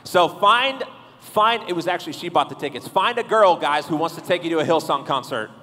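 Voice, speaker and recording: A man preaching a casual, comedic sermon to a young crowd, joking, animated and talking straight to the audience. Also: a little high, brisk, big-room sound. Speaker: youth pastor. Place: large church hall.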